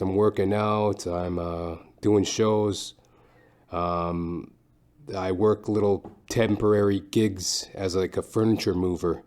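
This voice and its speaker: A man's voice: low-pitched, a little mellow. A man hosting his own podcast, talking in a loose, rambling monologue full of swearing and self-mockery. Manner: profane, rambling, self-mocking. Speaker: podcast host and stand-up comedian.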